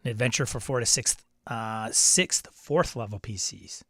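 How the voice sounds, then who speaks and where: A man's voice: fairly low pitch, unhurried, creaky, a bit bright, no echo. Chatty guy rambling on his live stream, dry close sound. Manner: chatty, rambling, reads chat aloud. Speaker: host. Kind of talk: casual live-stream chat.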